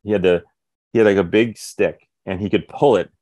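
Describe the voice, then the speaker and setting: A man hosts a casual sports chat over a video call, with a low voice. He tells stories in a rambling, lively way, and the sound is dry and close. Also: brisk, dry recording. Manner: rambling, animated storytelling. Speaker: podcast host.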